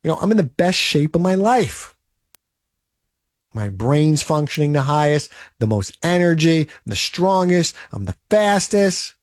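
A man's voice: fairly high pitch, darkish tone, no echo, studio quality. A man in his late forties delivering a blunt, motivational monologue full of rhetorical "right?"s. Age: 40s. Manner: emphatic, blunt and pep-talking, with rhetorical "right?".

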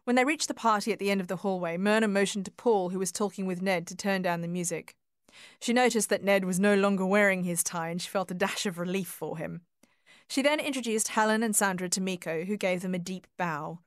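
A woman reading a novel aloud as audiobook narrator, measured and even. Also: medium pitch, clean tone, no echo, studio quality. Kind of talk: scripted narration.

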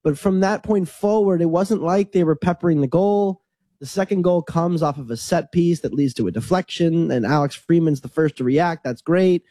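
A man appearing as a soccer analyst on a talk show, relaxed and analytical in conversation. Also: fairly high pitch, normal speed, dry recording. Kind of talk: casual sports analysis.

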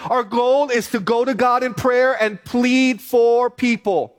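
A pastor delivering a sermon in a high, light male voice. He reads the scripture passage aloud, then preaches with emphatic, repeated phrases to drive his points home. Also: fairly even intonation, measured pace.

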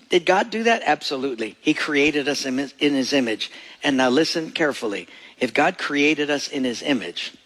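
Gravelly-voiced folksy preacher man. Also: a little high, fairly bright tone. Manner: folksy, joking storytelling. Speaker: pastor. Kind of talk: sermon. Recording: echoey church hall.

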